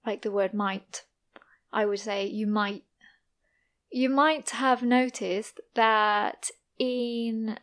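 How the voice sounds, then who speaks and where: A young woman with an East Midlands English accent, giving a careful, slow English listening lesson as a podcast host. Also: a little high. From East Midlands, England. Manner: careful, deliberate pronunciation. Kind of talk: slow, clear teaching monologue for English learners.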